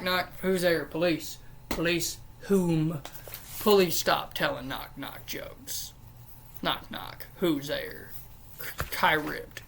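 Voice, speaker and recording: A channel host reading a joke book aloud, casually, in a deadpan question-and-answer rhythm with weary, sarcastic asides. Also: medium pitch, slight background noise.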